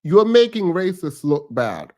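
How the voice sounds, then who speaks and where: Guy reacting on a stream, high voice, swings up and down a lot, keeps laughing and repeating himself. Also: big pitch swings, measured pace, a little mellow. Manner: laughs often, repeats phrases, playful teasing. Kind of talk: casual reaction commentary.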